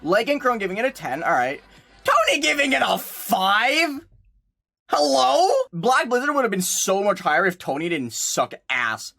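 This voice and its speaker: A male gaming streamer chatting casually over a faint music bed. His voice swings widely in pitch, and he breaks into excited shouts and laughter at the game. He swears freely and jokes around. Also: moderate pace, vocal fry.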